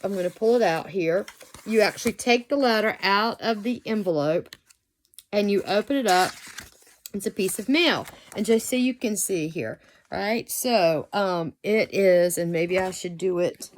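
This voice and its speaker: A woman in a casual show-and-tell, thinking aloud with many fillers and reading passages aloud, sometimes spelling words letter by letter. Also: medium pitch. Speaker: book reviewer.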